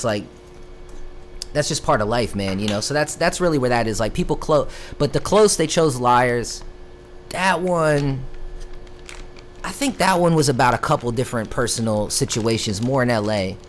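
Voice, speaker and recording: Profane, animated man telling stories. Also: mid-range voice, a little hiss or hum. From Florida. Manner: animated, profane, drawn-out "bro" asides. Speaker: rapper hosting a live stream. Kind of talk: casual storytelling chat.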